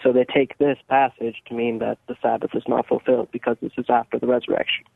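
A man from Canada calling into a radio show to ask a question, a bit halting. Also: medium pitch, level tone, gravelly, breathy edge, dry recording. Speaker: caller. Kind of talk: call-in question. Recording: phone line.

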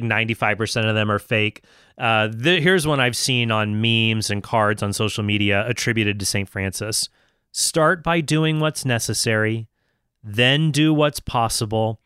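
Animated man, dry close sound. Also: medium pitch, smooth, no echo. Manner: animated storyteller, reads quotes slowly and emphatically. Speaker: Catholic speaker and author. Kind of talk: lecture-style talk on saints.

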